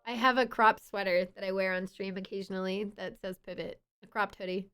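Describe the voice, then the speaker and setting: A woman's voice: mid-range voice, fairly even intonation, a little fast, a bit bright, clear, resonant tone, faint music behind. A young woman streaming a video game, chatting casually and giggling as she reads the text aloud. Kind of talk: casual gameplay chat.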